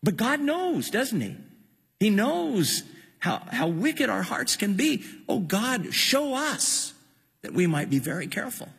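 Male preacher, husky voice with a lot of rasp, lively and rising pitch, sermon in an echoing hall with long reverb. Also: slow pace. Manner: impassioned, emphatic preaching with repeated words.

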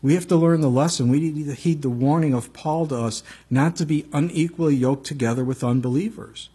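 A pastor preaching a conversational sermon, reading scripture and telling stories with frequent asides to the congregation. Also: male voice, on the high side, fairly quick, warm tone, slightly rough.

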